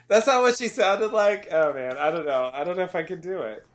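A man co-hosting a casual podcast, animated and joking, who laughs often and swears freely. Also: high voice, moderate pace. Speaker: podcast co-host.

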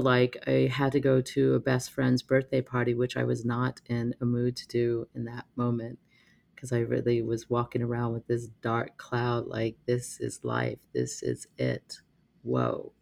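A man telling a personal story in a reflective, halting way, with many pauses and restarts. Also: mid-range voice, vocal fry, darkish tone.

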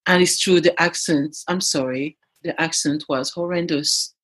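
A man's voice: high voice, lively intonation, normal speed, hardly any pauses, fairly bright tone, breathy edge. A man from France with a French accent, a comedian guest talking bluntly and mockingly in a casual interview.

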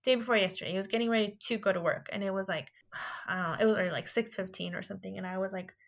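A woman's voice: fairly even intonation, very fast, creaky. A woman in her thirties from California, co-hosting a podcast and telling stories in casual chat, acting out quotes. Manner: chatty storyteller, acts out quotes in a higher voice. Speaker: podcast co-host.

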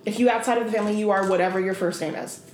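A woman's voice: mid-range voice, racing, slight background noise. Woman co-hosting a casual podcast chat. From Southern United States. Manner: animated storyteller, quotes people in character voices. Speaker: podcast co-host. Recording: roomy podcast recording, faint ambience.

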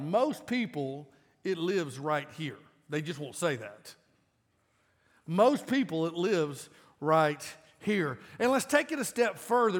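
Emphatic high-voiced male pastor preaching. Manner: conversational and emphatic, with sudden loud bursts. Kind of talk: sermon. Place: large church auditorium. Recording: live church sound with long reverb.

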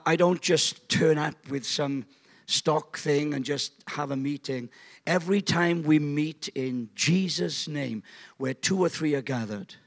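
A man in his seventies preaching at a church service, telling a family story in an animated, joking way. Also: a little high. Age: 70s. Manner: animated, jokey, acts out voices. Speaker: guest pastor. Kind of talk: storytelling sermon.

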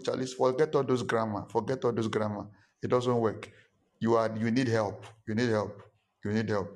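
A man's voice: mid-range voice, normal speed, a little mellow. A man preaching a sermon as a pastor. He talks emphatically, repeats his points and acts out the people he quotes.

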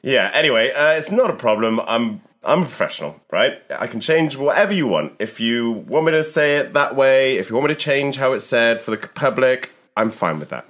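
A man's voice: mid-range voice, animated, brisk, few pauses, a bit bright. A man in a comedy sketch, talking in a flustered, exasperated way. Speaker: sketch performer.

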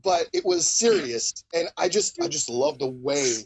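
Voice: medium pitch, normal speed, gravelly, breathy edge, no echo. A podcast guest in casual chat, enthusiastic and swearing freely. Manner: swears a lot, animated and enthusiastic.

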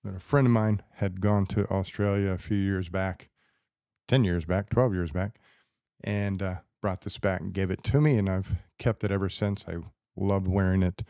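A man hosting a podcast alone as a psychologist, explaining ideas step by step in a steady, lecturing way. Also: deep voice, normal speed, gravelly, dry recording, studio quality. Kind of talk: casual solo podcast talk. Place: podcast studio.

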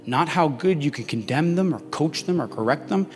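Preacher in a reverberant hall. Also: male voice, a little high, fairly quick. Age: young adult. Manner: animated, acts out dialogue in story. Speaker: pastor. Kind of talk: sermon with storytelling.

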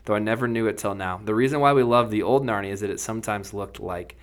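A man's voice: fairly low pitch, quick pace, close to an everyday voice. A man reading aloud as a noble eagle, declaiming the bird's joyful speech from a storybook.

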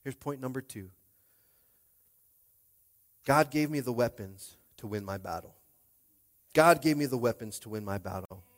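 A man preaching a rousing sermon, swinging from hushed asides to shouted climaxes. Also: mid-range voice, animated, unhurried, long pauses. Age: adult with a young child. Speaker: pastor.

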